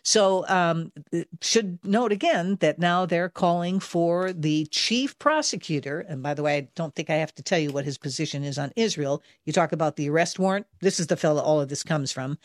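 A woman's voice: sits low, moderate pace, few pauses, no room sound, clean studio sound. A woman, hosting political commentary in an emphatic, insistent way. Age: 60s. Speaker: talk show host.

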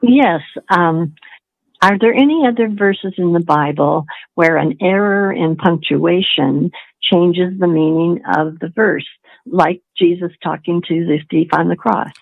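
A woman's voice: on the low side, unhurried, vocal fry, slightly rough, no room sound. A woman calling in to a radio show with a question, speaking hesitantly. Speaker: caller. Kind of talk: asking a question on a call-in show. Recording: tinny phone line.

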